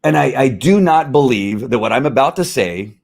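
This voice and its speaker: A worked-up man hosts a podcast and rants in loose political commentary. He talks at a mid pitch, stumbles, restarts often and pushes hard on his points. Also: animated, moderate pace, vocal fry. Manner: fired-up, rambling, with frequent restarts. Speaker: podcast host.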